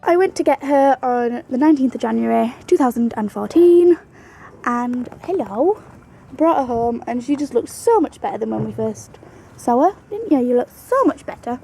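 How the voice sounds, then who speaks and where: A woman's voice: on the high side, lively intonation, moderate pace, creaky, dark tone, slight background noise, rough recording. A young woman vlogging at home about her pet rabbit in a chatty, fond way, now and then cooing to the animal. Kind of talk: casual storytelling to camera.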